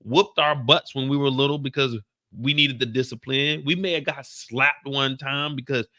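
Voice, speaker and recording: A man hosting a recap who tells the story in an animated way, using slang, sound effects and calls to the chat. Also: medium pitch, normal speed, no room sound, studio quality. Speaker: show recap host.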